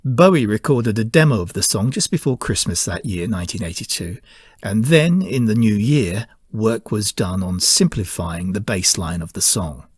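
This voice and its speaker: A man hosting a music podcast, reading scripted narration in a measured, informative way. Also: on the low side, expressive, slightly rough, dry recording, clean studio sound. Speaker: podcast host.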